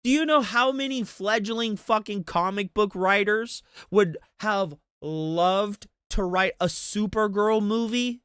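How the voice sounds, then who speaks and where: A man's voice: sits high, slow pace, hardly any pauses, a bit bright, clean tone, no room sound, studio quality. A man ranting about movies on a casual commentary stream, swearing freely. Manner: profane, ranting.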